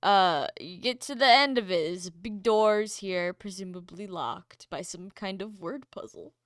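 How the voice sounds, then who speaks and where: A woman's voice: mid-range voice, a little slow, no room sound. A woman running a tabletop game as game master, with dry, laughing asides.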